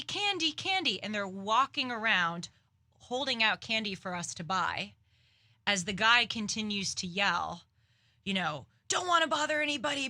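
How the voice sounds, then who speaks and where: A young woman hosting a commentary show, telling a story in an animated, dramatic, self-aware way. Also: on the low side, no room sound, studio quality. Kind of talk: casual political commentary.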